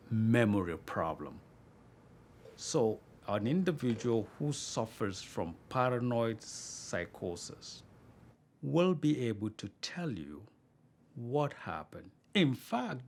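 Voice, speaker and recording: Slow, measured male expert. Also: on the low side, slight background noise. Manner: measured, explanatory. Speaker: mental health expert. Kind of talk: expert explanation.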